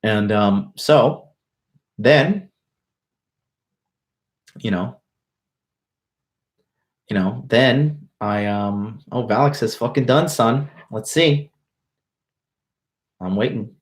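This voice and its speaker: A man talks straight to his livestream viewers, telling a story with casual swagger. His voice sits on the low side, and his talk is loaded with profanity and brash slang. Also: very slow, pauses often. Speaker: dating coach hosting a livestream.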